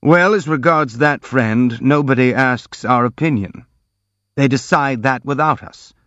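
A man's voice: medium pitch, measured pace, a bit bright, dry recording, natural voice. A man reading the part of a brooding, jealous young man in an audiobook, in an intense, bitter, confiding way, recorded dry and slightly dull.

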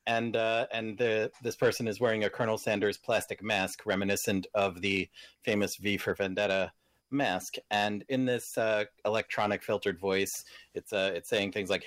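A low-voiced man talks in a casual panel discussion, explaining haltingly with plenty of uhs. The sound is dry and close to the mic. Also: little pitch movement, fairly bright tone, no echo.

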